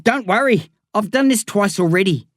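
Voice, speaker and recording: A man's voice: high voice, expressive, normal speed, no echo, studio quality, pitched above the performer's own voice. A man voicing an intense teenage boy with a Vietnamese accent who speaks formally and solemnly, like a self-styled warrior. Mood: solemn menace.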